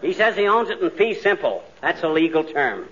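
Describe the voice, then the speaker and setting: An actor playing a boastful, wisecracking middle-aged husband in a 1940s radio comedy, talking in brash bluster. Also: male voice, on the high side, big pitch swings, moderate pace, fairly bright tone, highs cut off. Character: boastful loudmouth middle-aged husband, quick-tongued braggart. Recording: scratchy old radio broadcast with hiss.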